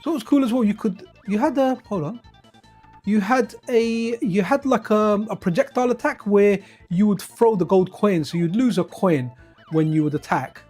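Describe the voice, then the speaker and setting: A man with a high, darkish voice and a breathy edge talks at a moderate pace while running a retro gaming livestream. He rambles, laughs, and chats with viewers in casual gameplay commentary as game music plays faintly.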